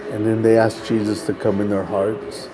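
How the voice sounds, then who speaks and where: A man's voice: fairly low pitch, flat delivery, normal speed, rough recording. A man telling a personal story in casual testimony style, acting out the dialogue of others and saying "man" often. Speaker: storyteller recounting street ministry.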